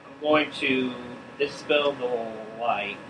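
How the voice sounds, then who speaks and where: A man's voice: mid-range voice, slow pace, far from the mic. A man playing in a tabletop game, casual and joking, recorded away from the mic with air-conditioner hum. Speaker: player.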